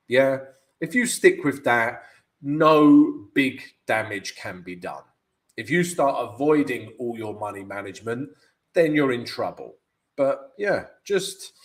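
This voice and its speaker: A man from the UK with a London accent hosts a live forex stream. He answers viewers' questions in a chatty way and keeps calling them "guys". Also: fairly high pitch. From United Kingdom. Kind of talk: live market analysis and viewer Q&A.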